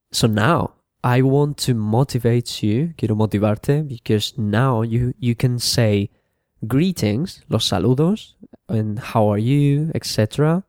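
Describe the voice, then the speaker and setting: A man teaching English to beginners at a very unhurried pace, repeating each word and pausing to check with okay. His voice is mellow and dark, and the recording sounds dry and close. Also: mid-range voice, no echo. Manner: repeats each word, adds quick translations, often asks okay. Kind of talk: slow bilingual beginner lesson.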